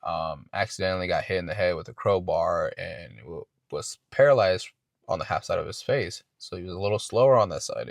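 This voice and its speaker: Speaking low with noticeable vocal fry, a podcast host rambles through a casual, profanity-laced story and keeps restarting what he says. The audio is close and dry, without any room echo.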